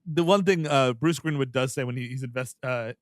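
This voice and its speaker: A man's voice: medium pitch, fairly quick, no room sound, studio quality. A man co-hosting a comedy movie-review podcast, recapping scenes with many hesitations and acted-out quotes. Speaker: podcast co-host.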